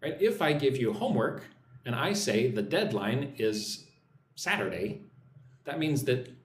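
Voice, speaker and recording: Lively American man teaching English live. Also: mid-range voice, a little slow, roomy sound. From United States. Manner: drills phrases, reads out viewer comments, checks with "right?". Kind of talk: live-stream English lesson. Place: indoors, in Vietnam.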